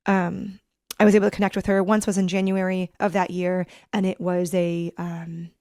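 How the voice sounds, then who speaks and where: A woman in her thirties, a podcast guest telling a personal story in an earnest, reflective, halting way. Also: fairly low pitch, little pitch movement, a little mellow, no room sound, studio quality. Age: 30s.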